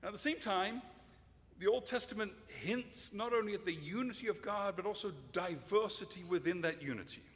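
A man's voice: sits high, a little fast, fairly bright tone, in a large hall. A man preaching a sermon, emphatic and direct, sometimes addressing children in the audience.

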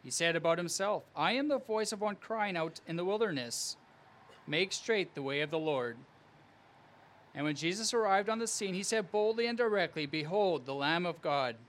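A man preaching a sermon as pastor, with earnest, emphatic delivery and measured phrasing. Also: sits high, lively intonation, a bit bright.

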